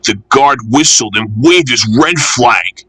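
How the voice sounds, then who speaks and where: A man reading a children's railway storybook aloud in an expressive, measured way. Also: medium pitch, slightly rough, no room sound.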